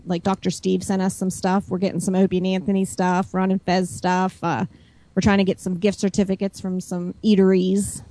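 A woman in casual chat as a guest, talking quickly and brightly as she promotes an event. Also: medium pitch, completely flat delivery. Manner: chatty, quick, upbeat promoter.

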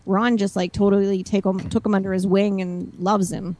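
A woman's voice: mid-range voice, flat delivery, moderate pace, dark tone, no echo. A woman with a Pittsburgh accent, a guest chatting in an upbeat, easygoing way. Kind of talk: casual chat.

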